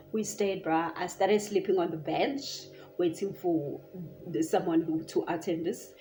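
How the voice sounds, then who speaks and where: A woman's voice: fairly low pitch, a little slow. Young south african girl rambling a storytime, lots of "like", faint music under. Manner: animated, chatty, lots of filler "like". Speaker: vlogger. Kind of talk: casual storytime.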